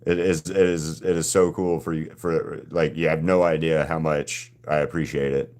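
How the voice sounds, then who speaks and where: Deep-voiced man chatting haltingly. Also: level tone, darkish tone. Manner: halting, frequent restarts and repeated words. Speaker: artist hosting a live drawing stream. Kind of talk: casual live-stream chat.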